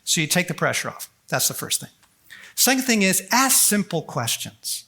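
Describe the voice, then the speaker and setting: Animated bright-voiced man giving a faith talk. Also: high voice. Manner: animated, folksy, quick asides and acted-out prayers. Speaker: conference speaker. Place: large conference hall.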